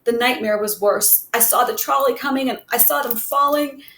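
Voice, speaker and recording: A gentle, earnest runaway boy with a soft way of talking, as a woman reads him aloud. Her voice sits a little high, and the room adds a clear echo. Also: normal speed, slight background noise. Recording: roomy echo.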